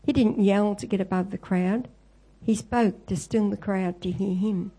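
A woman's voice: mid-range voice, fairly even intonation, unhurried, mellow, slightly rough, poor audio. A woman preaching a sermon, retelling scripture stories and quoting them with a lifted voice.

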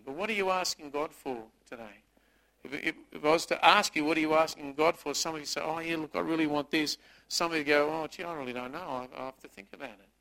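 A man's voice: fairly high pitch, bright, forceful tone, rough recording. A middle-aged man, a pastor, preaching a conversational sermon with jokes aimed at the congregation.

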